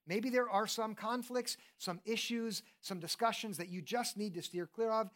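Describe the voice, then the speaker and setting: Speaking at normal speed, a preacher with a medium-pitched, slightly bright voice gives an earnest, conversational sermon. He regularly asks the listeners questions, and a repeated "and, and" often opens his thoughts.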